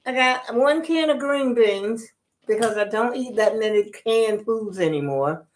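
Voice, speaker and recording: Older grandma type chatting slow on a live stream, kinda high voice, homey, says y'all a lot, bit winded. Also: female voice, lively intonation. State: out of breath. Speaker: vlogger. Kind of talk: casual live-stream chat.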